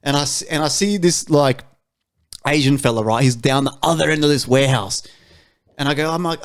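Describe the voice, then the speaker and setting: A man's voice: fairly high pitch, fast talker. A man on a podcast panel, telling a story in casual chat, swearing and laughing often.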